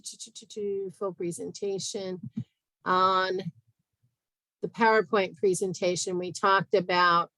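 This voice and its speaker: A woman with a low, unhurried voice talks casually through a nutrition chart, breaking off for quick asides and filling gaps with ums. The sound is close and dry, with no room echo. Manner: chatty, self-interrupting, with fillers and asides. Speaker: podcast host and health practitioner. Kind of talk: casual presentation over screen share.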